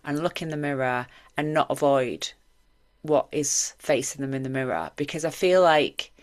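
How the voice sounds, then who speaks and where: A woman's voice: sits low, animated, normal speed. A woman in her forties, co-hosting a podcast in earnest, reflective casual chat. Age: 40s. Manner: earnest and reflective, talks in long run-on thoughts. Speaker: podcast co-host.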